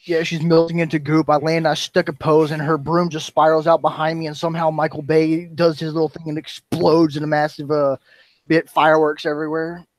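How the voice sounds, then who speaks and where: Young man, tabletop player, slightly high voice, dry close sound. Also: monotone, fairly quick, dry recording. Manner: hesitant with fillers, then vivid descriptions. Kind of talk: tabletop game play.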